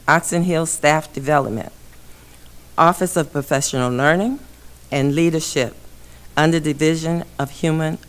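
A woman chairing a school board meeting, reading a memorial list slowly and solemnly, becoming emotional. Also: low-pitched, steady tone, clean tone. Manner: slow, solemn reading of names. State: emotional, voice breaking. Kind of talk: formal meeting proceedings.

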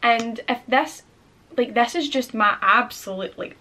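A woman's voice: on the high side, unhurried, bright, forceful tone. A woman of twenty-one, vlogging in a rambling, chatty way full of filler words. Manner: chatty, rambling, fills speech with "like". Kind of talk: casual chatty vlog.

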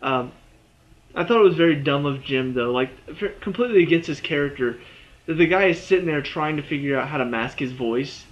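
A man's voice: fairly high pitch, animated, fairly quick, highs cut off. A man giving a casual, rambling spoken review of a TV episode, full of "you know" and "like".

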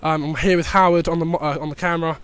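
A young man vlogging on a city street before a football match, talking in an excitable way. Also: a little high, very fast, smooth. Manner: excitable, laughing. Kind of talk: match-day vlog.

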